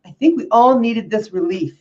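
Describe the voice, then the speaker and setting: A woman's voice: on the high side, expressive, moderate pace, mellow, highs cut off. A woman hosting an interview show, effusive and encouraging, talking over a video call. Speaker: show host. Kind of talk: interview chat.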